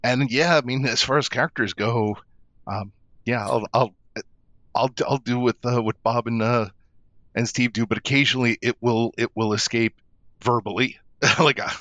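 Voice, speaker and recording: A man co-host talking hesitantly, with many fillers and pauses. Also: medium pitch, fairly even intonation, pushed and bright, dry recording. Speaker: podcast co-host. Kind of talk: casual chat.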